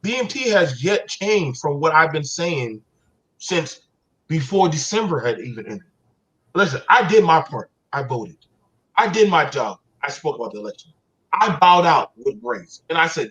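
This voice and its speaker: A man's voice: on the high side, expressive, normal speed, a bit bright, highs cut off. A man hosting a heated live call-in debate, profane and exasperated, talking over his callers. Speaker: live stream host.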